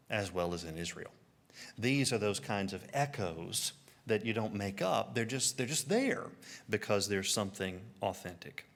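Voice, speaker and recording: A man with a Southern American accent preaching a sermon, telling stories and putting on voices for quotes. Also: fairly low pitch. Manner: storytelling, animated, puts on voices for quotes. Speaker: pastor.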